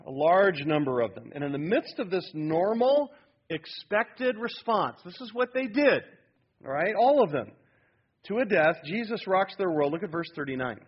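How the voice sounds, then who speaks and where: Husky-voiced man preaching emphatically. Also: sits high, normal speed, lo-fi sound. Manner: animated, emphatic preaching that prompts the congregation. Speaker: pastor. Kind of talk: sermon.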